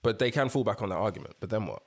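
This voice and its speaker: A man co-hosting a podcast in a measured, conversational way. His voice is very low and carries a gravelly rasp throughout. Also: lively intonation. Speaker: podcast co-host. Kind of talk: casual chat.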